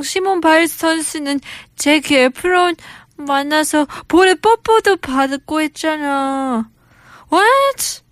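A dreamy young man with a high, quick voice, as a woman reads him out in a role-play. He is set in a dry, close-sounding space with no room ring. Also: fairly bright tone, no room sound. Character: hopeful young man dreaming of meeting a film star.

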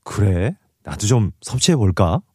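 A man's voice: fairly low pitch, sing-song, racing, dark tone, husky, no echo, clean studio sound. A man voicing a drowsy young man who has just dozed off, in a scripted radio dialogue, sounding groggy and puzzled. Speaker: dialogue voice actor.

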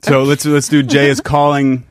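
A man hosting a casual podcast, calmly explaining a game with dry humor. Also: mid-range voice, normal speed, dry recording. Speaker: podcast host running a game.

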